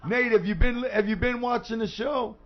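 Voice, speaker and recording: High gravelly man, brash radio co-host. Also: fairly quick, background noise. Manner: loud, profane, calls out to a caller. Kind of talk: casual radio chat. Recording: dull lo-fi radio recording.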